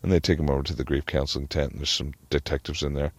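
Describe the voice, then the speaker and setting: A man's voice: very deep voice, fairly even intonation, very fast, dry recording. A man telling a rambling comedic story in a meandering way, with lots of "like" fillers and casual profanity.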